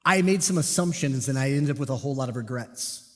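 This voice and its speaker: A man preaching a sermon, telling a personal police story with lively, self-deprecating humor. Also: medium pitch, fast. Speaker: pastor and police officer. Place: church sanctuary. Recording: long hall reverb.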